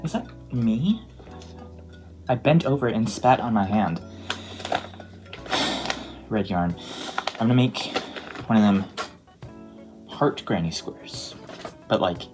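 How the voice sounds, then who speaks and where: A woman's voice: a bass voice, expressive, slow, long pauses. A young woman chatting casually as a crochet vlogger, rambling with lots of ums and likes. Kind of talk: casual vlog chat. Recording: voice over clear background music.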